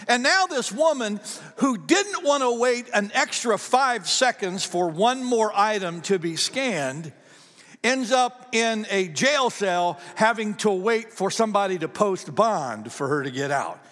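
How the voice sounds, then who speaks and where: A male pastor preaching a sermon in an animated, conversational way, asking the congregation questions. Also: high-pitched, unhurried, big-room sound. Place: church.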